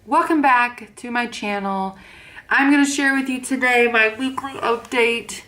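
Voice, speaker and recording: Tired young woman venting on her vlog, kinda high voice, frank and repeats herself a lot. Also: a little slow, pushed and bright. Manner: frank, venting, frustrated and repetitive. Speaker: vlogger. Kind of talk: casual vlog.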